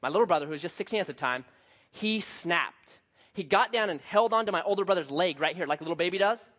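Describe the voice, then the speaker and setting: A man with a high voice preaching a sermon in a church hall. He tells stories in an animated way, acting out voices and sound effects. The recording sounds slightly dull and muffled. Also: fast talker. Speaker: pastor. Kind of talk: sermon with storytelling.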